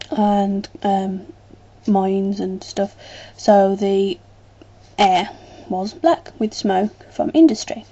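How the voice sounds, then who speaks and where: A woman's voice: mid-range voice, warm tone, muffled recording. A woman with a British English accent chatting casually to camera as a vlogger, rambling a little with plenty of ums.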